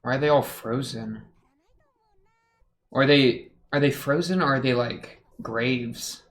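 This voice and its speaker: A man's voice: medium pitch, unhurried. A young man hosting an anime reaction video, talking casually and joking in muttered asides as he watches.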